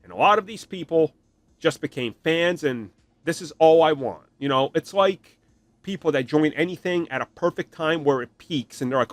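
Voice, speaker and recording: A man hosting a podcast, giving an animated, opinionated rant and mocking other fans in put-on voices. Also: on the high side, moderate pace, no room sound. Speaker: podcast host. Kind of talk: opinionated solo commentary.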